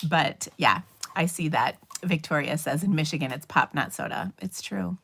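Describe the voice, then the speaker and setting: A woman's voice: sits low, moderate pace, vocal fry, a bit bright, husky. A middle-aged woman with a Minnesotan accent, chatting casually and rambling on her craft livestream, with fillers and laughs. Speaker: papercraft livestream host.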